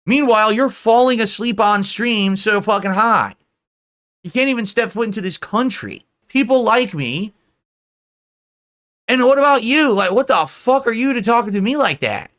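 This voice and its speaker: A man's voice: high voice, lively intonation, moderate pace, fairly bright tone. A man hosting a livestream, ranting heatedly with profanity and mockery. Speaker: streamer host. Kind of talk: livestream rant and chat.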